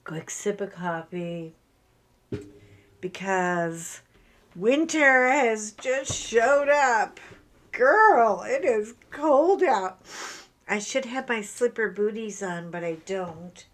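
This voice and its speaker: A woman's voice: mid-range voice, slow, a bit bright. A middle-aged woman from Ireland chatting casually while she unboxes a craft kit, rambling through stories and asides. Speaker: craft vlogger.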